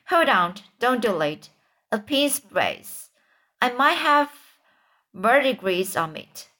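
A woman's voice: fairly high pitch, big pitch swings, slow pace, sharp tone, exaggerated voice. A woman voicing Tom, a frightened young boy who whispers urgently in a storybook reading. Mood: warning.

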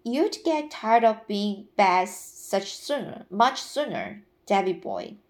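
A woman reading aloud, voicing a patient, imaginative young woman who talks in a gentle, storytelling way. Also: mid-range voice, sing-song, takes it slowly.

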